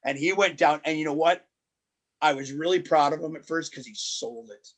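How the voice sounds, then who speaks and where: A Canadian man tells stories as a podcast guest, his slightly high voice jumping up as he acts out the people in them. He often breaks off and restarts his sentences. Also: normal speed. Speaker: wrestling promoter and guest. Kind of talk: casual podcast storytelling.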